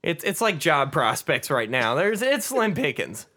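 A young man co-hosting a podcast, trading quick jokes in casual chat. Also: a little high. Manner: joking, quick quips, lively. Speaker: podcast co-host.

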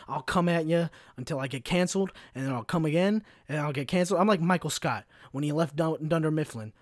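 A man's voice: on the high side, animated, quick pace, few pauses, no echo, clean studio sound. A man hosting his own podcast, ranting in a casual, sarcastic and heavily profane way. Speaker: podcast host. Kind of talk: casual solo rant.

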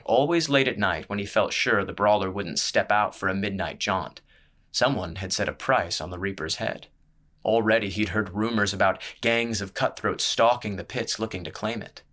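A man reading a fantasy story aloud as narrator, in a measured, even storytelling delivery. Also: fairly low pitch. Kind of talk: scripted audiobook narration.

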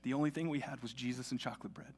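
A man's voice: mid-range voice, steady tone, very fast, darkish tone, husky. A male pastor preaching a sermon in a church, in a conversational, storytelling way. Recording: long reverb of a large hall.

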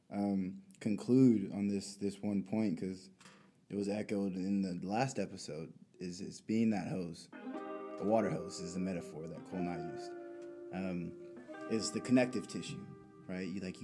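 A young man with a low, warm voice hosts a relaxed podcast chat. He talks reflectively and loosely, circling back with little tag questions. Faint music sits under the conversation. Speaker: podcast host. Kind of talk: casual conversation.

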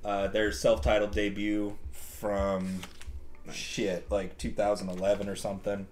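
A man co-hosting a music podcast in casual chat, joking around, swearing freely and getting animated. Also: on the low side, unhurried. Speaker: podcast co-host.

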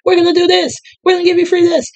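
A woman's voice: extremely high pitch, monotone, rapid-fire, darkish tone, muffled recording, pitched above the performer's own voice. A woman mocking a pandering politician who reels off showy promises in a raised, singsong voice.

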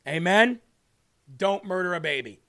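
A man's voice: high-pitched, moderate pace, a bit bright. A man hosting a live show, reading scripture aloud and preaching with emphatic, repeated lines. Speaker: livestream show host.

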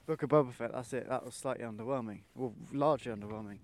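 A young man co-hosting a podcast talks fast in a mid-range voice. He keeps the casual chat easygoing and agreeable while steering the conversation forward.

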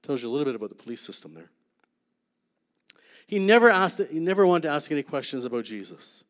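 A man preaching a personal testimony, his voice carrying a long reverb through a large hall. He talks at an ordinary middle pitch, pushing hard on some lines and falling almost to a whisper on others. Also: very animated, racing. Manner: emphatic, dropping to a hush on key lines. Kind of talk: sermon testimony.

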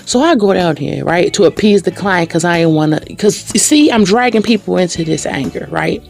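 Animated woman host telling a story. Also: gravelly. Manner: animated, swings to high excited pitch when retelling anger. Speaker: podcast host. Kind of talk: casual storytelling monologue.

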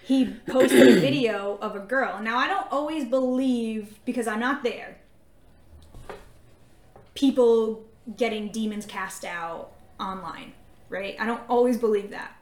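A woman co-hosting a faith podcast, telling a story in an animated, casual way with lots of fillers. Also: a little high, measured pace. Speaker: podcast co-host. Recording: echoey room.

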